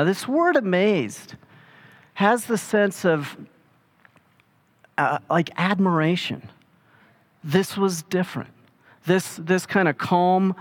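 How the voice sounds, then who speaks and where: A man preaching a sermon in a relaxed, conversational way, retelling scripture in everyday speech. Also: high voice. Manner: casual storytelling, paraphrasing scripture in everyday speech. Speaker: pastor.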